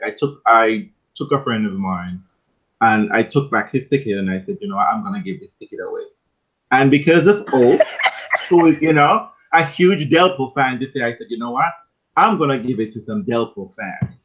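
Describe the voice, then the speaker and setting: A man's voice: medium pitch, muffled recording. A man co-hosting a casual podcast, telling a story with lots of swearing and acting out the quoted lines. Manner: animated storytelling, profane, acts out quoted dialogue. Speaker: podcast co-host. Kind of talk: casual chat.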